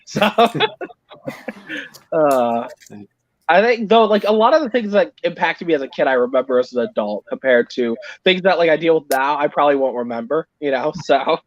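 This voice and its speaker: A man with a high, very lively voice talks casually on a stream, rambling with lots of fillers and poking fun at himself. The sound is dull and lo-fi, with no room echo at all. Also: moderate pace. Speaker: stream guest. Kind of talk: casual chat.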